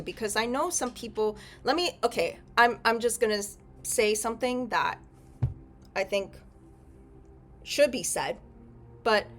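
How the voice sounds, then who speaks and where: A woman's voice: fairly high pitch, a bit bright. Chatty young woman reading tarot. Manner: chatty, rambling, frequent self-corrections and "okay?". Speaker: tarot reader. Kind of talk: casual tarot reading to camera.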